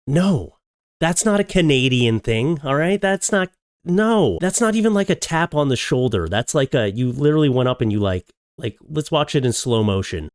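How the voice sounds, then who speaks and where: A man's voice: mid-range voice, big pitch swings, normal speed, dry recording, clean studio sound. A man hosting a comedic reaction commentary on viral videos, joking with sarcastic asides.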